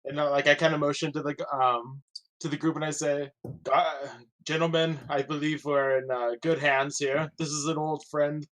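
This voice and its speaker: A man's voice: on the high side, flat delivery, fairly bright tone. A man playing in a tabletop role-play, speaking in character with an amused tone and frequent laughter. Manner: slow, amused, laughs often. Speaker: player.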